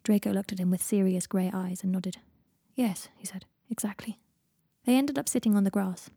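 A woman narrating a fan fiction audiobook in an even, gentle storytelling voice. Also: medium pitch, fast, creaky, husky, dry recording, clean studio sound.

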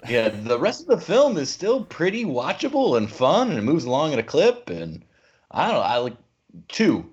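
A man's voice: a little high, wildly swooping pitch, normal speed. Guy cohost on a podcast, kinda fed up and teasing, swoopy voice, muffled audio. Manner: exasperated, teasing. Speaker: podcast co-host. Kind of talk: casual chat. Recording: dull lo-fi sound.

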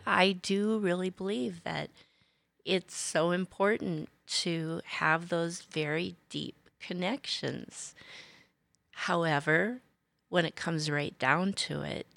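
A woman co-hosting a casual podcast, giving earnest, measured opinions. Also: fairly low pitch, gravelly, fairly bright tone, no echo. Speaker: podcast co-host.

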